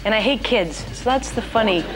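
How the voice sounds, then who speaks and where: A woman's voice: a little high, expressive, fairly quick, music in the background, rough recording. A woman in her thirties from Nova Scotia, chatting casually and self-deprecatingly about her comedy habits. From Canada, Nova Scotia. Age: 30s. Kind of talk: casual interview.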